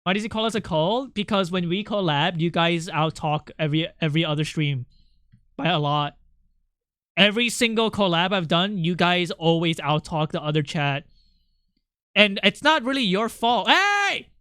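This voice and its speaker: Excitable young man, bright crisp voice. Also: high-pitched, moderate pace, no room sound, clean studio sound. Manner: excitable, laughs often, swears casually. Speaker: art streamer. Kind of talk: casual live-stream chat.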